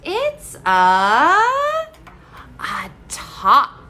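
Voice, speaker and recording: A woman's voice: mid-range voice, wildly swooping pitch, extremely slow, pushed and bright, slight background noise. A woman speech therapist leading a word practice lesson for young children, talking in an exaggerated, encouraging sing-song with frequent gasps and carefully modeled words.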